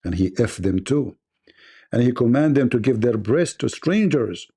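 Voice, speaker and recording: A man's voice: mid-range voice, expressive, moderate pace, dark tone, slightly rough. A man hosting a livestream debate, delivering a mocking, combative monologue.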